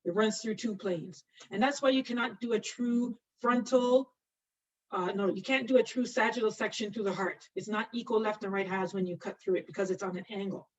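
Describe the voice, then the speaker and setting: A woman's voice: medium pitch, a little fast. A middle-aged woman teaching an online nursing anatomy class, chatty and laughing often as she answers students by name. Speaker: nursing instructor. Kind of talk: live online anatomy lecture. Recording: distant, dull lo-fi mic.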